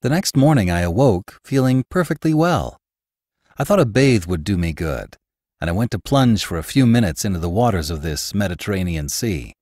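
A man narrating a classic adventure novel in a measured, expressive reading. His voice is low, with a lively, animated pitch. The recording is dry and close. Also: dry recording. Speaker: host and narrator.

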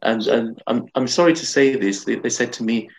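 A man's voice: mid-range voice, moderate pace, rough recording. A man, an imam guest talking earnestly in a conversational interview, often restarting his words.

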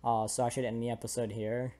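A man's voice: mid-range voice, little pitch movement, fast talker, dark tone. A young man casually commentating a game, joking and laughing as he plays. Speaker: let's play host.

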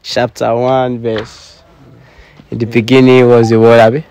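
A man with a Nigerian Pidgin accent hosting a comedy skit, playful and animated, talking to the audience. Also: medium pitch, measured pace, background noise. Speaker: comedian host.

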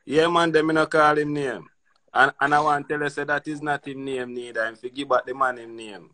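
A man's voice: fairly high pitch, steady tone, a little fast, bright, forceful tone. Jamaican guy chatting in patois, laid back, laughs a lot. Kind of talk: casual chat in patois.

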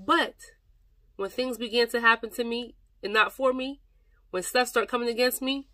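A woman's voice: fairly high pitch, fairly even intonation, moderate pace, sharp tone, no room sound. Woman giving a heartfelt faith talk. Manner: preachy, exhorting, repeats phrases, addresses viewers as y'all. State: close to tears at times. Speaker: faith vlogger. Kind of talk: personal devotional talk to camera.

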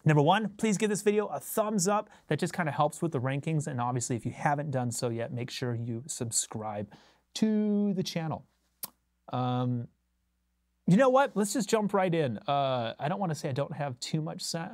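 A man hosting a bass-playing livestream from a recording studio, talking casually with viewers in a laid-back, rambling way and chuckling often. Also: a little mellow, dry recording.

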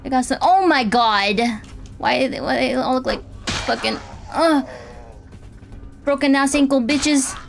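A woman's voice: high voice, slow pace, creaky, long pauses, music in the background. A woman commenting casually while playing a game, swearing and squealing when startled. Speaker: gaming streamer. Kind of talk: casual let's-play commentary.

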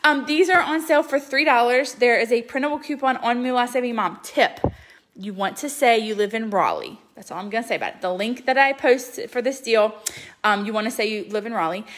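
A woman's voice: on the high side, brisk, a bit bright. A woman, chatting casually and upbeat through a shopping haul with plenty of ums. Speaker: couponing vlogger.

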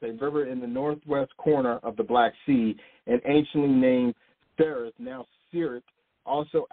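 Male bible teacher, husky voice, phone-quality recording, reads passages then asks "okay?". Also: mid-range voice. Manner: reads long passages aloud, checks in with "okay?". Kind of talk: sermon-style bible teaching. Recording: tinny phone-like audio.

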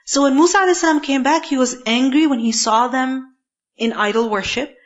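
A woman's voice: high voice, fairly quick, lo-fi sound. A woman teaching a Quran commentary lecture, reciting Arabic verses and explaining them with rhetorical questions. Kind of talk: tafseer lecture.

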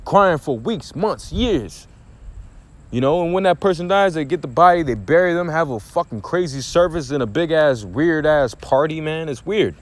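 A man's voice: fairly high pitch, animated, moderate pace. A man delivering an impassioned, profane religious rant, repeating himself for emphasis with faint vehicle noise behind. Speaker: street preacher.

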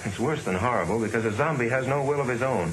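A man's voice: mid-range voice, quick pace, crowd noise, natural voice, poor audio. An actor in an old film clip playing a grave local man who solemnly explains what zombies are.

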